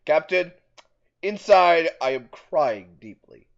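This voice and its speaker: A man putting on a flat, deadpan voice for a stoic male alien science officer, in a game video. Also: on the high side, takes it slowly. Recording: muffled with faint music.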